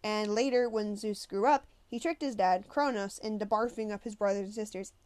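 A flustered young schoolboy, as a woman reader puts him on stumbles eagerly through an answer. He pauses and restarts, sounding unsure but keen, in a louder, brighter voice than the narration. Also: mid-range voice, steady tone, no echo, lightly acted. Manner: hesitant, eager. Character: flustered twelve-year-old schoolboy.

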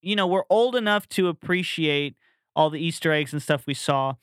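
Young male co-host, bright edge, excitable banter. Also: a little high, normal speed, clear, resonant tone, no echo, clean studio sound. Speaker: podcast co-host. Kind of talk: casual movie-review chat.

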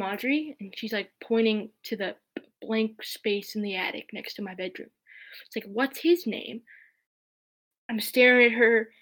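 A woman's voice: a little high, fairly bright tone. A woman telling a personal story in a casual, chatty way, with many fillers. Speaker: podcast guest.

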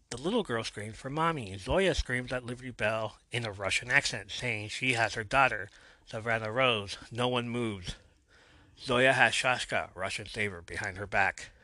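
Hombre de voz grave y muy brillante, grabación seca. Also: male voice, lowish voice, bright, forceful tone, no echo. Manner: retells scenes in rapid play-by-play, briefly voicing characters. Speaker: podcast host recapping a TV episode. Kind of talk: casual recap narration.

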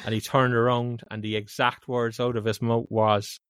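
A man with a Cork Irish accent tells an animated story on a podcast. He keeps slipping in filler as he goes. The sound is dry and close. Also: medium pitch, moderate pace, clear, resonant tone, no room sound. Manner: animated anecdote with lots of filler "like, you know". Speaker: podcast co-host. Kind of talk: casual storytelling chat.

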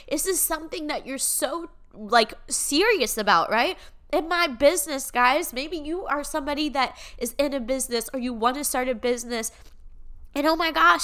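A woman's voice: high voice, sharp tone. A woman hosting her podcast as an unscripted motivational live chat, emphatic, swearing freely and tagging her points with "right?". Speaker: podcast host.

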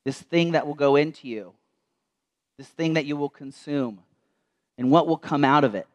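Man preaching a reflective sermon. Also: fairly high pitch. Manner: storytelling, slows and softens for quoted words. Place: church.

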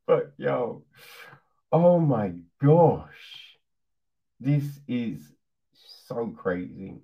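A man's voice: mid-range voice, very animated, drawn-out words, vocal fry, pauses often. A man casually reviewing a film on his channel, laughing, swearing and throwing in lots of rhetorical asides. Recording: dull lo-fi recording.

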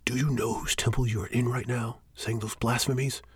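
A man voicing a guarded defensive priest, husky low tone, dry sound. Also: level tone, fairly quick, dry recording. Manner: guarded, evasive, then shouting. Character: defensive, evasive male temple priest.

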